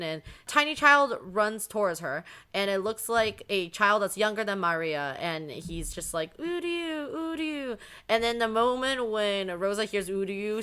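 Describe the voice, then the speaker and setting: A woman hosting a podcast, retelling a story in a lively, rambling casual chat with many fillers. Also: medium pitch, clean tone. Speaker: podcast host.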